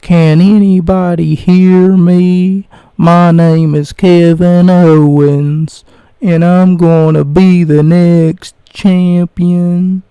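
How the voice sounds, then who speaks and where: A man doing a mocking impression of a boastful male wrestler, with smug, drawn-out delivery. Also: sits high, flat delivery, dark tone, clear, resonant tone, dry recording, lo-fi sound, heavily acted. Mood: bellowing.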